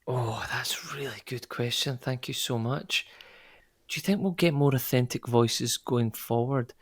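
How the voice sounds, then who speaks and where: A Scottish actor answering an interview question in a casual, rambling way, often correcting himself and laughing. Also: male voice, mid-range voice, measured pace, slightly rough, no echo, studio quality. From Scotland. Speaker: actor guest.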